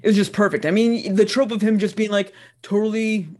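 A man's voice: high-pitched, steady tone, a little fast, darkish tone. A man casually joking and riffing with friends on a podcast about an anime. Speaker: podcast co-host. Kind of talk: casual anime discussion chat.

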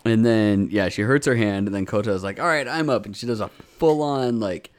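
A man's voice: lowish voice, moderate pace. A man co-hosting a casual podcast, recapping episodes with swearing and acted-out character lines. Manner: animated, swearing, acts out characters' lines in raised voices. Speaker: podcast co-host. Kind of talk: casual chat recapping an anime.

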